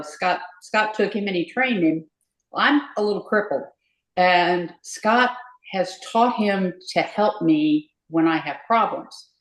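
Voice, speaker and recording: An older woman, a podcast guest, telling warm stories in a casual interview and laughing easily. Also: lowish voice. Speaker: podcast guest, endurance rider. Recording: echoey room.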